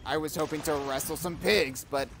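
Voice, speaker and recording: A man's voice: a little high, fairly even intonation, brisk, creaky. Stammering, jokey man with a raised voice. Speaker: podcast host. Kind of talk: improvised comedy banter in a pirate persona.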